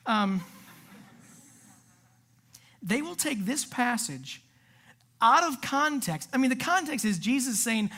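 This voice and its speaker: A woman preaching a sermon in a casual, animated way, full of asides and acted-out quotes. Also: fairly high pitch, unhurried, long pauses. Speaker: youth pastor.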